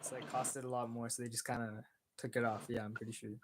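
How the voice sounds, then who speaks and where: A young man co-hosting a livestream, casually reading out chat comments with many pauses and fillers. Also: mid-range voice, level tone, poor audio. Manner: easygoing, hesitant, many fillers.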